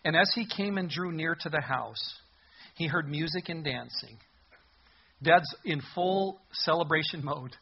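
A man preaching a sermon as a pastor, animated, acting out the voices from the passage as he goes. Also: fairly high pitch, unhurried, gravelly, husky, highs cut off.

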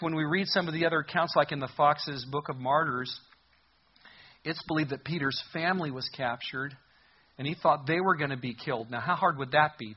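A man preaching a sermon as pastor, expressive, rising loud for emphasis and dropping soft. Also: fairly high pitch, breathy edge, dull audio.

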